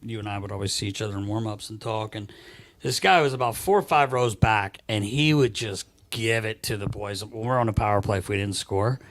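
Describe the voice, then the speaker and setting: A man co-hosting a casual hockey talk show, telling animated anecdotes from his years working with a team. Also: fairly low pitch, a little fast. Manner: animated anecdotes, laughs often. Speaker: podcast co-host, former team equipment staff. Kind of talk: casual storytelling.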